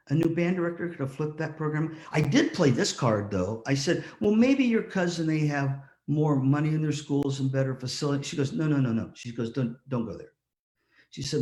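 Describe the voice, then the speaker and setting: A man's voice: mid-range voice, expressive, moderate pace, a little mellow, roomy sound. An older man giving a motivational talk as guest speaker, telling a story and acting out the voices of the people in it. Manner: storytelling, acts out quoted voices. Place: virtual conference talk.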